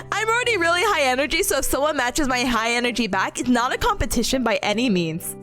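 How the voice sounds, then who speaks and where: A young woman streamer chats casually with her viewers, telling stories in a bubbly, giggly way and acting out excited quotes. Her voice sits high and she talks a little fast, with soft music playing in the background.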